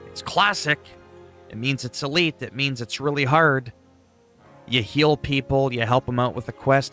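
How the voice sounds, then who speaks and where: A man's voice: medium pitch, normal speed, pushed and bright, faint music behind. A man livestreaming a game, chatting casually and enthusiastically with viewers, rambling a bit and swearing now and then. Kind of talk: casual gameplay chat.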